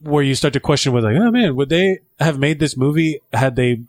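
Fast rambly podcast guy, slightly high voice, starts sentences over and over. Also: expressive. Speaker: podcast co-host. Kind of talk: casual chat.

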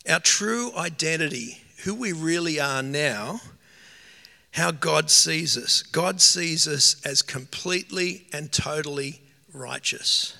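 A man preaching a sermon in an earnest, emotional way, slowing down to stress key phrases. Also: fairly high pitch, lively intonation, gravelly, sharp tone. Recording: long reverb of a hall.

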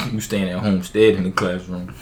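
A man's voice: low-pitched, flat delivery, normal speed, darkish tone, a little hiss or hum. A young man in casual banter, freestyle rhyming and insistently arguing his point. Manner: argumentative, insistent. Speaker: group member in rap game.

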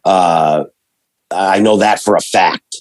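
A man telling family stories in casual conversation, animated and rambling, with many restarts and fillers. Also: low-pitched, slow, no echo, poor audio.

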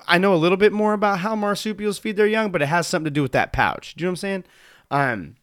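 Lively, rambling male podcast host. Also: on the high side, no echo, studio quality. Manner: rambling, self-deprecating, animated with many restarts. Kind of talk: casual comedic monologue.

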